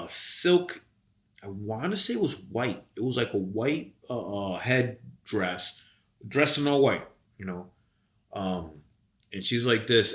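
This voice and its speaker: A man co-hosting a podcast, telling a long story in a rambling, profane, animated way while coming down with a cold. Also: fairly low pitch. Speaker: podcast co-host. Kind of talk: casual storytelling chat.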